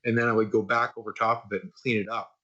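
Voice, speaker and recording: Quick and lowish with a breathy edge, the man's voice comes through with its highs clipped. He's an animation artist in his sixties, guesting on a podcast and loosely recounting career stories full of fillers like "uh" and repeats.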